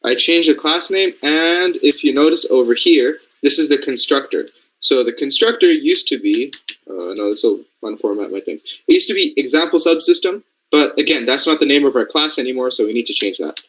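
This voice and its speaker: A man's voice: mid-range voice, animated, brisk, fairly bright tone, poor audio. Casual young man teaching code. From Canada. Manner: casual, thinking aloud, checks understanding often. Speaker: robotics programming mentor. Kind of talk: screen-share coding lesson.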